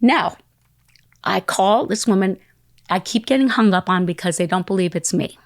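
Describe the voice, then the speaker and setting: This interview guest is a middle-aged woman whose voice is fairly low and whose pace is normal, with no room sound on the recording. Her long story is animated, as she acts out quoted voices and phone calls and occasionally slips into a whisper.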